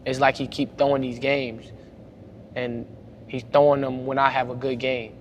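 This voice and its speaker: A young man, telling a story about a high school basketball game in casual talk, growing loud when he replays arguments. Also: normal speed, muffled recording. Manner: animated, gets louder retelling arguments. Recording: faint background noise.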